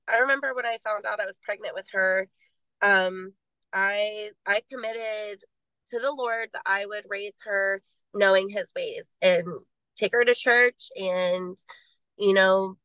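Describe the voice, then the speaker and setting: A woman's voice: medium pitch, pushed and bright, no echo, rough recording. A young adult woman talking as a podcast guest, earnest and rambling, sharing her faith in a casual way. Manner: earnest, rambling with many "like" fillers.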